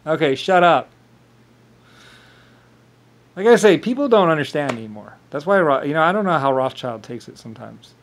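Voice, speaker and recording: A man talking in a rambling monologue, often laughing and mimicking others in quick quoted voices. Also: fairly high pitch, animated, a little hiss or hum.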